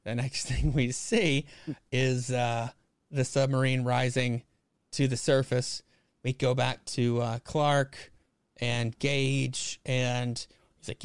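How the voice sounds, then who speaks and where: A man's voice: medium pitch, flat delivery, slow pace, smooth, dry recording, studio quality. Rambling, swearing podcast man. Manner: rambling, profane, full of fillers and laughs. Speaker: podcast co-host. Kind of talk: casual chat about a comic book.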